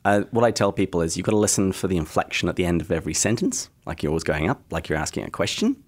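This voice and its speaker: A man with an Australian accent, a podcast guest explaining things in a relaxed, friendly way. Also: low-pitched, rapid-fire. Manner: relaxed explaining, laughs easily. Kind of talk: casual interview chat.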